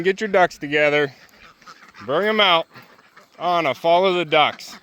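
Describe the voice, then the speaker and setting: A man narrates a casual vlog from his homestead, chatting and coaxing ducks, geese and turkeys across the farm yard and pasture. He speaks at a measured pace in a smooth, slightly bright voice that runs on the high side.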